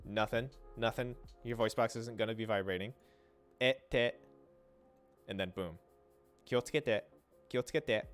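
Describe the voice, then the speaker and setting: A man's voice: fairly low pitch, steady tone, faint music behind. Chatty man teaching pronunciation on stream. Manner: loose and chatty, trails off and restarts, demonstrates sounds slowly. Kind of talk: casual livestream lesson.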